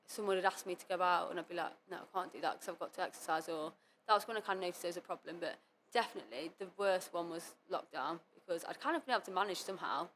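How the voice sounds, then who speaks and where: A young adult woman speaking as a podcast guest, telling her story candidly in quick run-on sentences full of "like". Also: lowish voice, fairly bright tone, a little hiss or hum. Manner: fast, run-on speech full of "like" and quoted self-talk. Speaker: podcast guest, competitive cheerleader. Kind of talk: candid interview talk.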